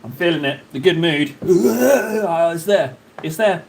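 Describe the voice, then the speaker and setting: A fairly high-pitched man speaks at a moderate pace against background noise. He's hosting a live stream from his home hobby desk, chatting casually, rambling and joking as he addresses his chat directly.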